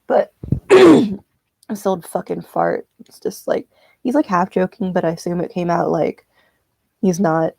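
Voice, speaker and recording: A woman chats casually as she knits, ranting and swearing freely. Her voice sounds mellow and dark. It is recorded dry and close, with no room sound. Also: lowish voice, lively intonation, a little slow, creaky, slightly rough, no echo. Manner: profane, ranting storyteller. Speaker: streamer. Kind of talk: casual chat while knitting.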